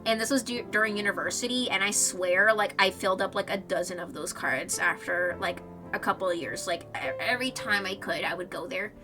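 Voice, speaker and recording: A woman's voice: mid-range voice, a little fast, hardly any pauses. A young woman in her twenties streaming, reading a visual novel aloud with chatty, rambling asides. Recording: distant mic, faint music behind.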